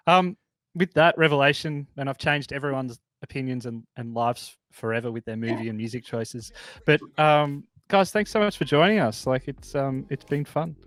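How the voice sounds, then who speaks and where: A man's voice: mid-range voice, fairly even intonation, moderate pace, few pauses, fairly bright tone, no room sound. A man hosting a podcast interview, teasing his guests in casual chat. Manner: joking, teasing. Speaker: podcast host.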